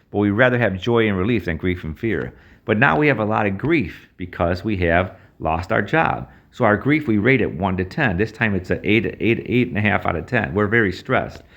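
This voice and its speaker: A man presenting and demonstrating an app in a halting, casual walkthrough with many fillers and restarts. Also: low voice. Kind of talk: screen-share app walkthrough.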